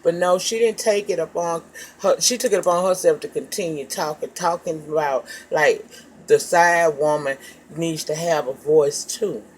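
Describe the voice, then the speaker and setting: A woman's voice: sits low, moderate pace, slight background noise. A woman recapping a reality show episode in a casual, gossipy way, swearing freely and calling her listeners child and baby. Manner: profane, animated storytelling, calls listeners child and baby.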